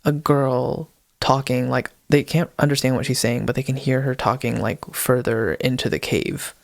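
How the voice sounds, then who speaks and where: Young male co-host, casual rambling storyteller, fry in the voice, dry sound. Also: medium pitch, level tone, moderate pace, dry recording. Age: young adult. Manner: rambling, heavy use of "like" and "um". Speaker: podcast co-host.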